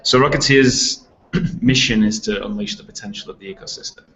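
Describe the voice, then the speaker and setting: A man with a mixed English and Australian accent, a company founder explaining his work in a measured, businesslike conference interview. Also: fairly low pitch, fairly bright tone, roomy sound. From England and Australia. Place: theater stage at a conference. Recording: dull lo-fi sound.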